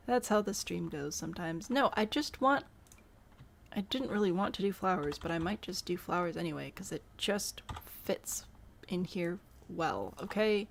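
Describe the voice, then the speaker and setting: A woman's voice: medium pitch, vocal fry, a little hiss or hum. A woman live-streaming a building game, chatty and self-amused as she talks to her chat while she builds. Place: home room.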